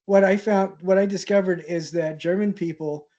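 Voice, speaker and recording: Mellow-voiced man telling travel stories. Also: high voice, fairly even intonation, normal speed, lo-fi sound. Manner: chatty, hesitant, laughs at own stories. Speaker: art history instructor. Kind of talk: casual anecdotal storytelling in class.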